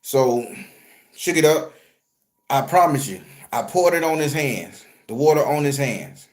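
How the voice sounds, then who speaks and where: A man who works as a spiritual reader, telling a story to his viewers in an animated, profane, conversational way. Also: a little high, unhurried. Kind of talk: storytelling vlog.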